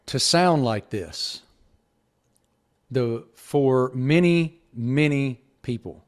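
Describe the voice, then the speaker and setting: A man's voice: medium pitch, lively intonation, very slow. A middle-aged man with a Southern accent, a sports reporter speaking as a guest, earnest and emphatic, often restarting his phrases. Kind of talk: reflective interview answer.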